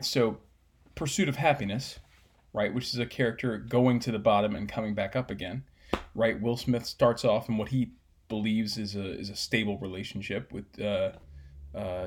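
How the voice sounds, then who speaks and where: A man co-hosting a casual chat podcast, swearing, teasing and talking with animated energy. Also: on the low side, breathy edge. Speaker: podcast co-host.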